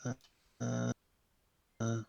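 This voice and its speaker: Hesitant, gravelly man hunting through menus. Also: mid-range voice, monotone, extremely slow, mellow, no echo, highs cut off. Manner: hesitant, searching aloud with many fillers. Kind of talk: casual chat on a voice call.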